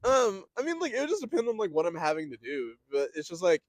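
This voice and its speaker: Lively young man co-hosting a chat. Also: high voice, fast talker, no room sound. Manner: animated, filler-heavy, laughing often. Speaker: podcast co-host. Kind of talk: casual chat.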